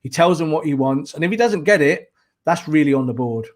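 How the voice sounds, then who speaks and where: A man talks football as a podcast guest. His voice sits a little higher than most men's. He speaks emphatically and circles back to repeat his points. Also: brisk. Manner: animated, emphatic, repeats himself when pressing a point. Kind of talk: casual podcast chat.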